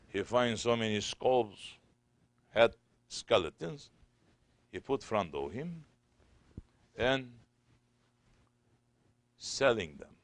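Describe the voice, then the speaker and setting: Slow, low-voiced sheikh giving a sermon. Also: male voice, fairly bright tone, no echo. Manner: storytelling, simple non-native English.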